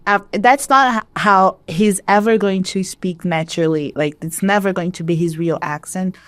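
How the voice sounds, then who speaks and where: A Brazilian woman, an English teacher whose first language is Portuguese, talks through her thoughts in a casual podcast. Her voice sits a little low and she explains things with care. The recording is dry and close, with no room sound. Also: normal speed, fairly bright tone, dry recording.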